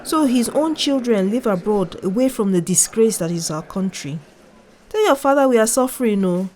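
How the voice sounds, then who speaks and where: A woman's voice: medium pitch, expressive, normal speed, mellow, natural voice. A woman voicing a bald male customs officer who grumbles and needles a traveller. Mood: grumbling scornful. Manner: grumbling, needling, then flaring up.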